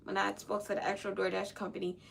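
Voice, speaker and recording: A woman's voice: medium pitch, monotone, fast talker, vocal fry, slight background noise. A woman hosting a podcast from her own room, telling a story casually to listeners and acting out both sides of phone calls with lots of animation. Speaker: podcast host.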